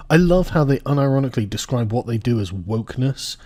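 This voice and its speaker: A man's voice: mid-range voice, expressive, brisk, few pauses, mellow. A man giving casual political commentary, profane and sarcastic, often laughing. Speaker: commentary vlogger. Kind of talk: casual political commentary reacting to clips and articles.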